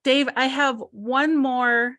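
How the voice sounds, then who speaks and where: A woman's voice: sits high, fairly even intonation, slow pace, a bit bright. A woman hosting an interview podcast in a friendly, upbeat way. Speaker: podcast host.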